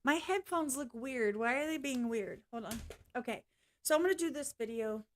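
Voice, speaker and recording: A woman's voice: sits high, animated, moderate pace, a little hiss or hum. A woman vlogging in a casual, rambling way, apologizing often and swearing now and then. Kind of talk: casual reaction vlog chat.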